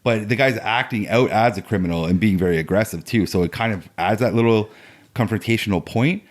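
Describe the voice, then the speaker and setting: An eager man with a slightly low voice talks casually about a film as a podcast guest. He strings his thoughts together in long run-on sentences. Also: brisk.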